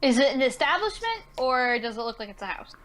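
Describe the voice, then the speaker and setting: A woman's voice: high voice, very animated, fairly quick, fairly bright tone. A woman playing a tabletop game over online voice chat, inquisitive and playful. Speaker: player.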